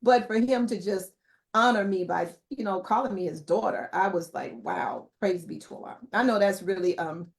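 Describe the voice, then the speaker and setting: A middle-aged woman speaks as an interview guest, her voice sitting at an ordinary middle pitch. She tells her memories reflectively, with soft fillers and pauses. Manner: reflective, warm storytelling with many fillers. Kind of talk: conversational interview testimony.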